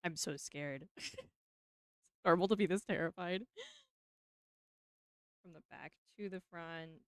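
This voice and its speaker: A young woman streaming as she opens trading cards, talking casually, mumbling nervous asides and breaking into excited squeals. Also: fairly low pitch, unhurried, clean tone, dry recording. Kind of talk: casual card-opening stream chat.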